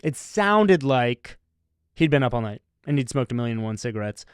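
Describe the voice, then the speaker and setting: A man hosting a comedy podcast, telling a rambling story with deadpan, mock-serious asides. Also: mid-range voice, normal speed, smooth, dry recording, studio quality. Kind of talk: comic storytelling.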